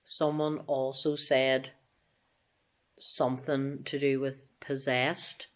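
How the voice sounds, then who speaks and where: A woman on a ghost hunt, talking in a hushed, nervous way in an old castle room at night. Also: very deep voice, little pitch movement, slow pace. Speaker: paranormal investigator. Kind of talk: casual ghost-hunt chat.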